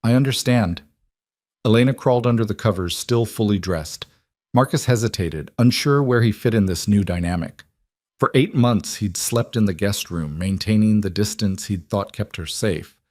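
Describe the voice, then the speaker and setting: Low-voiced male story narrator. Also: moderate pace, a little mellow, no echo, studio quality. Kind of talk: scripted narration.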